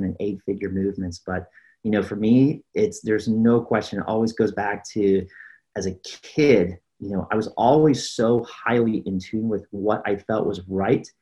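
A man with a fairly low voice talks as a guest in an interview. He tells stories in an earnest, animated way and leans on fillers as he goes. He speaks as a coach who works with leaders. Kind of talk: casual interview storytelling.

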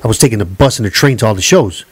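Fast, husky guy telling stories. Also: on the low side. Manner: animated storytelling, heavy swearing, slangy. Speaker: podcast co-host. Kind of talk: casual podcast chat.

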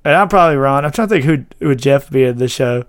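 A man's voice: medium pitch, expressive, fast talker, no echo, clean studio sound. A man hosting a casual podcast chat, rambling and laughing as he retells scenes. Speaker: podcast host. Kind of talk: casual chat about a TV show.

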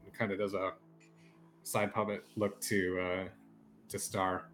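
A man narrating as game master of a tabletop game, halting with many fillers and restarts. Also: low voice, level tone, a bit bright, slight background noise.

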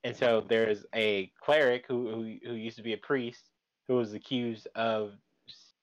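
A man's voice: fairly low pitch, steady tone, a little slow, dull audio. A man co-hosting a podcast in casual chat, talking in a slangy, profane way. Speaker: podcast co-host.

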